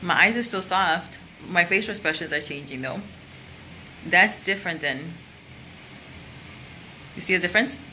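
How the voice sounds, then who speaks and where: A woman's voice: lowish voice, moderate pace, pauses often, pushed and bright, slight background noise, rough recording. A woman coach giving a casual, chatty lesson to camera and showing the points with her own voice. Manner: open, chatty, demonstrates with her voice. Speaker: career and sales coach.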